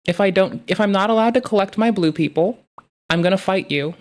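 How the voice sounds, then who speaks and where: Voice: medium pitch, fairly quick. Profane, rambling streamer chatting live. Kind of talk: casual live-stream reaction chat.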